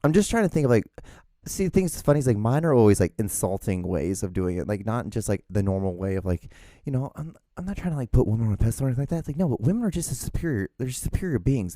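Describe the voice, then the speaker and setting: A man's voice: medium pitch, mellow, no echo, clean studio sound. A man hosting a solo podcast, rambling casually and mocking himself, swearing freely and acting out both sides of his conversations. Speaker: podcast host.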